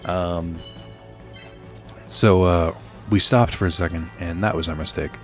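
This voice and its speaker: A man's voice: deep voice, steady tone, unhurried, soft background music. A young man telling a rambling, sardonic story while playing a video game, full of fillers. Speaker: let's play host. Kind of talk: casual storytelling while gaming.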